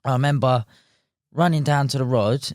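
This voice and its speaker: A young man with a London accent, telling a fishing story as a podcast guest in a relaxed, slangy way, full of "mate" and "like". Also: mid-range voice, moderate pace, no room sound, clean studio sound. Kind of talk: casual storytelling.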